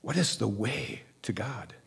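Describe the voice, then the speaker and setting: A man's voice: medium pitch, very animated, normal speed, gravelly, slightly rough, voice pushed up, heavily acted. A man doing an eager, pleading seeker. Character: eager young male spiritual seeker, out of breath.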